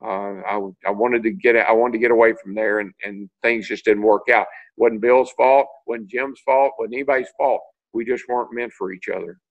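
A man's voice: on the low side, fairly even intonation, normal speed, few pauses, phone-quality sound. An older man from Tennessee, telling long anecdotes as a guest on a video call interview, full of restarts and fillers. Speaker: interview guest, retired racing driver.

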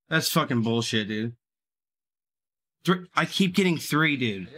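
Male streamer, tense forceful tone, profane running commentary on his own gambling. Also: mid-range voice, expressive, a little slow, long pauses. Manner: profane, swings between begging and cursing. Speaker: livestreamer.

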